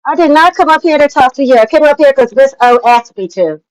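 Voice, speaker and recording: A woman's voice: sits high, expressive, fast talker, rough recording. A woman in her seventies, a guest on a livestream panel, scolding and talking over another guest in a heated argument. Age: 70s. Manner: scolding, condescending, talks over others.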